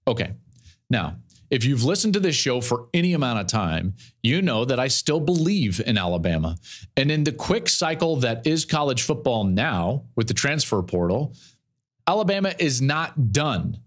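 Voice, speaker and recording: A man in his forties hosting a college football podcast, talking emphatically, repeating phrases and swinging his pitch widely for emphasis. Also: big pitch swings, moderate pace. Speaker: podcast host. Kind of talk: animated sports commentary monologue.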